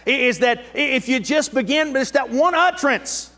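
Speaking at a moderate pace, this pastor's strikingly high voice carries a fervent sermon that builds to shouts, broken up by jokes between points. It echoes through the church sanctuary with a long, lingering reverb.

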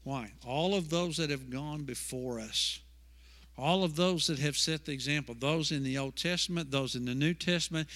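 With a forceful, bright tone in a fairly high voice, a male pastor preaches at a moderate pace in a church sanctuary. He's emphatic, repeating words and asking rhetorical questions, and the hall reverb trails on long.

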